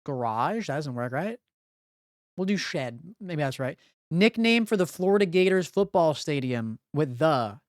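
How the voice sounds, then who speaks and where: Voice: medium pitch, big pitch swings, unhurried, dry recording, studio quality. A live streamer chatting casually with viewers while solving word puzzles, thinking aloud with blunt, profane banter. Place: home streaming room.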